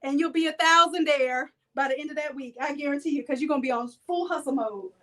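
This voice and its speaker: A woman's voice: high-pitched, quick pace, a bit bright, poor audio. A woman instructor leading a live hands-on printing demo, chatty and playful, joking with her viewers.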